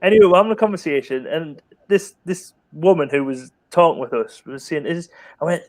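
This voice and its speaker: A man's voice: fairly high pitch, moderate pace, hardly any pauses, no room sound. A man telling a funny pub story in casual chat, acting out what others said. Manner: lively anecdotal storytelling, acting out other people's lines. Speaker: guest on a chat stream.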